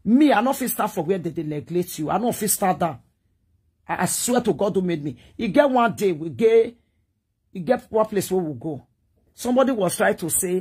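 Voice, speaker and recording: A woman's voice: medium pitch, expressive, normal speed, darkish tone, slightly rough. A Nigerian woman from Edo State giving a rambling, pleading live-stream monologue, talking straight to her viewers.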